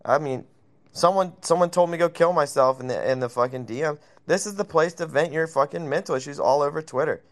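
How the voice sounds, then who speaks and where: A man's voice: a little high, fast talker. A man talking as a guest in casual chat, brash and heavy on swearing. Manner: brash, profane, swaggering.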